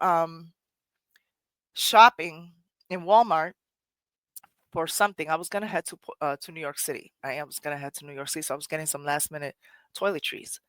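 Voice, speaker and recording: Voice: mid-range voice, fairly bright tone, no echo. A podcast host from Rico, speaking in an earnest, conversational personal monologue that often circles back and restarts phrases. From Puerto Rico.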